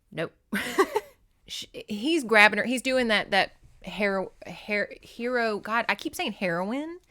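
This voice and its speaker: Sarcastic, bright-voiced woman. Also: medium pitch. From Shreveport, Louisiana, US. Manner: chatty and sarcastic, swearing and laughing. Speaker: podcast host. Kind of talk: casual comedic book recap.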